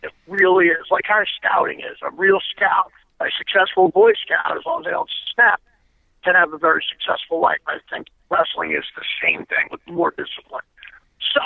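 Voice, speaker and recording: A man's voice: high-pitched, lively intonation, moderate pace, creaky, no room sound. A man, a former pro wrestler, telling stories in a blunt, profane, emphatic way as an interview guest over a phone line. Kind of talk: casual storytelling interview. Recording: tinny dry phone line.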